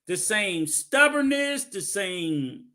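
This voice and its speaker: High, bright-voiced man telling stories. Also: slow pace. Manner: profane, animated storytelling. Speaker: podcast co-host. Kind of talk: casual chat.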